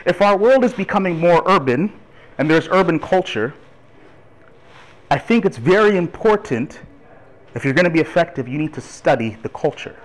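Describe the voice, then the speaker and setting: Brief: man in his 30s, a Toronto native, animated church speaker with a slightly raised voice. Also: a little high, moderate pace, poor audio. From Toronto, Canada. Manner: lively, chatty, laughs with the audience. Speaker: guest speaker on urban ministry. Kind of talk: church talk to a congregation.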